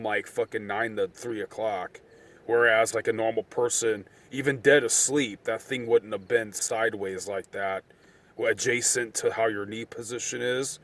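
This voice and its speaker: A man in his thirties telling a long personal story to camera, rambling and swearing freely, getting worked up as he relives it. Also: mid-range voice. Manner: profane, rambling, excitable when reliving events. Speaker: storyteller vlogger. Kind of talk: casual storytelling monologue.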